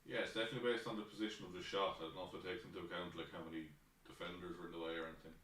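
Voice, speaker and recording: A man's voice: low voice, level tone, rapid-fire. A man co-hosting a football watchalong, giving brief dry replies as a casual chat partner. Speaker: co-host. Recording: quiet voice from far off mic.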